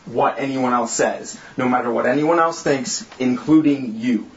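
A man's voice: mid-range voice, moderate pace. Guy preaching to a small group, chatty and jokey but earnest, roomy echo, kinda dull audio. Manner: casual, joking, earnest preaching. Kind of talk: informal sermon and prayer. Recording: echoey room, slightly dull sound.

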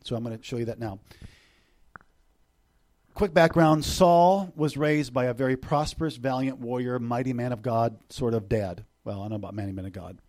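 This is a middle-aged man preaching to a church as a visiting minister, his medium-pitched voice moving at a moderate speed. He's animated, swinging from loud bursts to hushed, intimate lines, and he cracks jokes along the way.

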